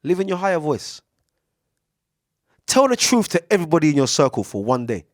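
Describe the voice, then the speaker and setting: Animated, profane man preaching. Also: a little high, fairly quick, dry recording, clean studio sound. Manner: preachy, profane, animated, swings between loud and hushed. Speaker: podcast speaker. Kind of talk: casual monologue. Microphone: studio mic.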